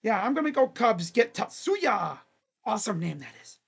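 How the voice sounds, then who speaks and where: A sports channel host chatting casually on a live stream, making predictions in a jokey, rambling way with sudden shouted bits. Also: medium pitch, big pitch swings, quick pace, vocal fry, breathy edge. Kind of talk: casual live-stream commentary on baseball free agents.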